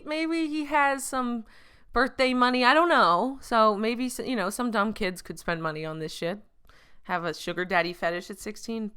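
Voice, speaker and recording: A young woman hosts a comedy podcast, spinning a crude, profane story with jokey asides. Her voice sits a little high and sounds bright and edgy. It is smooth and crisp throughout. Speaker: podcast host.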